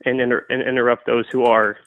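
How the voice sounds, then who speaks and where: A man in his twenties calling in to a live stream, calm and a bit hesitant. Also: mid-range voice, fast, no echo. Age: 20s. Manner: calm, hesitant, uses fillers. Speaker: caller. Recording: tinny phone-like call audio, dry.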